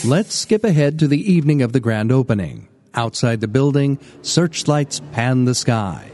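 A man giving wry, measured scripted narration for an audio drama. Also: mid-range voice, lively intonation, a little mellow, faint music behind.

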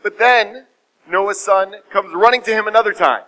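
A man preaching and retelling a story with measured emphasis. His voice sits high and sounds bright and clear. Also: rough recording. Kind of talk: sermon storytelling.

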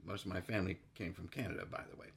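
A man hosting a podcast interview, teasing his guest in a dry, deadpan way. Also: sits low, rapid-fire, creaky. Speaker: podcast host. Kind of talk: casual interview chat.

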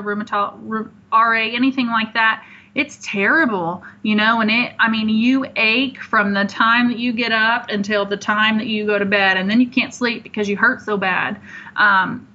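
A woman in her thirties as an interview guest, telling her story in a heartfelt, halting way with many pauses. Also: mid-range voice, sharp tone. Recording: dull lo-fi line.

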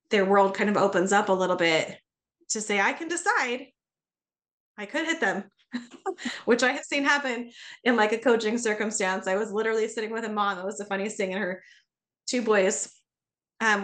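A middle-aged woman, a parenting coach, chatting on a podcast and telling stories with lively acted-out dialogue. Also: mid-range voice. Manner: animated storyteller, acts out dialogue. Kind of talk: casual podcast conversation.

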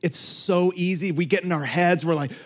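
A man in his forties, a pastor, giving a conversational talk to other pastors with lively storytelling asides. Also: high voice, normal speed.

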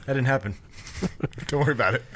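A man's voice: mid-range voice, fairly quick, fairly bright tone, a little hiss or hum. A man co-hosting a casual movie podcast, joking and teasing his co-host.

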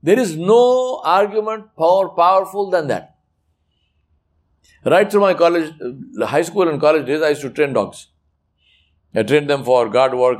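Male preacher, lively emphatic delivery with acted-out asides. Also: mid-range voice. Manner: animated, emphatic, acts out quoted speech. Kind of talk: religious talk.

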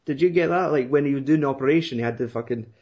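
A man's voice: medium pitch, racing, darkish tone. A young man rambling, swearing and laughing as he retells a film in casual chat. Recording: dull lo-fi recording.

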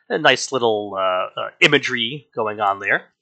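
A man's voice: medium pitch, moderate pace, creaky, few pauses, pushed and bright. A man talking casually through an album review, frank and wry. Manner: conversational, frank, wry asides.

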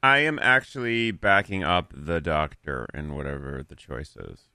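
Deep, smooth deadpan man player. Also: unhurried, no room sound, studio quality. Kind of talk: tabletop game play.

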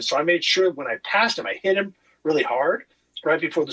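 A man from California, a former motocross racer, telling racing stories in a casual podcast chat, animated and swearing freely. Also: on the high side, a little fast, slightly rough, rough recording. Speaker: guest, retired motocross racer.

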